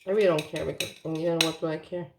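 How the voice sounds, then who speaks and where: A woman's voice: sits low, steady tone, quick pace, background noise. A woman chatting casually to her viewers while she cooks in her home kitchen. She talks in a blunt, offhand and rambling way. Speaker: vlogger. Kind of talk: casual cooking vlog chat.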